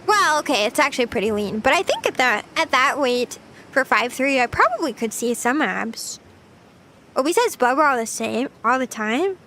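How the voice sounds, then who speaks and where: A woman's voice: sits high, big pitch swings, moderate pace, pushed and bright, slight background noise. A young woman streaming casual chat, playful and chatty, often giggling as she reads her chat. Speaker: VTuber streamer.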